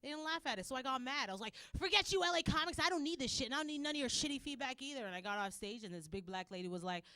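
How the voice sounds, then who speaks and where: A young Canadian woman with a Canadian accent doing a loud, animated stand-up set, acting out characters and laughing often. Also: high-pitched, racing, hardly any pauses, no room sound, clean studio sound. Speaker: stand-up comedian.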